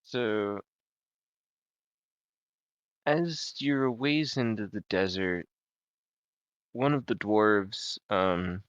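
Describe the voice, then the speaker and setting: A man's voice: on the low side, drawn-out words, pauses often, clear, resonant tone, no echo, highs cut off. A young man running a tabletop game as game master, narrating in a laid-back way with joking asides.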